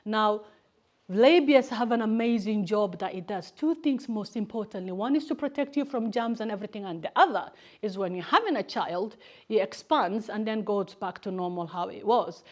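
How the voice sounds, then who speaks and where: A woman whose first language is Somali, giving a lively personal talk to students as a campaigner, telling stories animatedly. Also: medium pitch, moderate pace. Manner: animated storytelling, acts out family members' voices.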